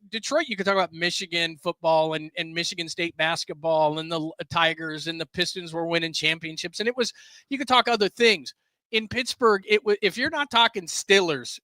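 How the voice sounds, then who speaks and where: A middle-aged man, a sports radio broadcaster, telling stories in an animated, casual chat. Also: high voice, dry recording. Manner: animated, bursts into shouts when quoting. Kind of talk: casual podcast chat, storytelling.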